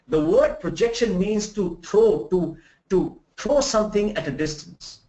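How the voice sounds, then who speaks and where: Male trainer from India, high lively voice, rhetorical questions to a remote class; roomy, dull recording. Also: a little slow, gravelly. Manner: animated, rhetorical questions, demonstrates examples. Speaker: soft skills trainer. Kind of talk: live remote lecture. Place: room in Bangalore.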